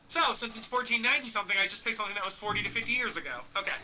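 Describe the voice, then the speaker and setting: A man runs a tabletop game session as game master, with a very bright, cutting tone. He talks in halting bursts, with restarts and fillers, and his voice comes through a webcam microphone. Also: sits high, a little hiss or hum, low-quality recording. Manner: halting, laughs between phrases. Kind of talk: narrating a tabletop game over voice chat.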